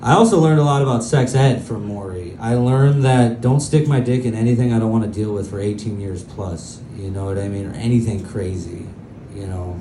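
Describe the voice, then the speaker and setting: Mellow-voiced rambling stand-up comic. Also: male voice, fairly low pitch, brisk, few pauses, slight background noise. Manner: loose, rambling, crude, self-mocking. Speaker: stand-up comedian. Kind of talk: stand-up set. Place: comedy club stage. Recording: roomy club with faint ambience.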